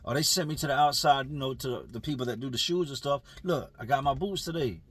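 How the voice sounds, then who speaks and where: A man's voice: mid-range voice, quick pace, breathy edge, dry recording, lightly acted. A man voicing a nervous male inmate who stammers out defensive denials.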